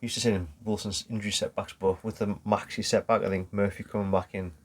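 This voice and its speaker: A lower-pitched man talks through a match on a casual podcast. He walks through each point step by step and drops the odd swear word without fuss. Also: little pitch movement, fast talker. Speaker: podcast co-host. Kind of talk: casual football podcast chat.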